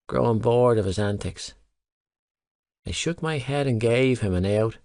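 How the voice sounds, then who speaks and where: A man narrating a novel in the first person in an even, measured storytelling voice, close to a studio microphone. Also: mid-range voice, dry recording. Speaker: audiobook narrator.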